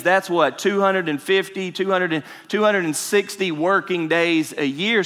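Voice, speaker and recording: A man's voice: high voice, bright, forceful tone, big-room sound. A man preaching a conversational sermon as pastor, asking the congregation questions.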